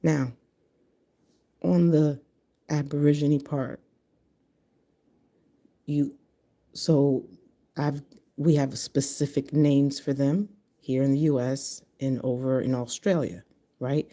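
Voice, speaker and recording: A woman's voice: very deep voice, steady tone, slow pace, pauses often, mellow. A woman in her fifties from Connecticut, talking bluntly and profanely in a casual monologue to camera. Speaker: vlogger.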